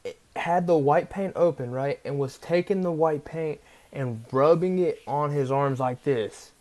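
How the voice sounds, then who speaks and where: A man's voice: fairly high pitch, unhurried, darkish tone. A young man casually telling a rambling story on his vlog, full of fillers and tag questions. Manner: rambling, filler-heavy, keeps asking "right?". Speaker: vlogger.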